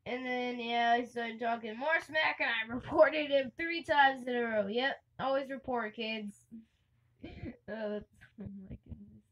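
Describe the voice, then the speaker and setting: Bright-voiced excitable young woman gamer. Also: on the high side, unhurried, muffled recording. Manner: excitable, chatty, laughs and shrieks often. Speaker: gaming channel host. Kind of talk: casual gameplay commentary.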